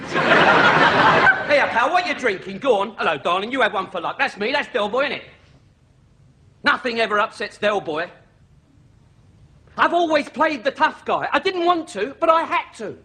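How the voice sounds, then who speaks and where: A man's voice: very high voice, animated, normal speed, pauses often, bright, forceful tone, heavily acted. An actor playing a middle-aged London market trader who hides his grief behind cocky banter, with a London accent in a TV sitcom scene. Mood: bitter. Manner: cocky banter turning to gruff anguish. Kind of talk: TV sitcom drama.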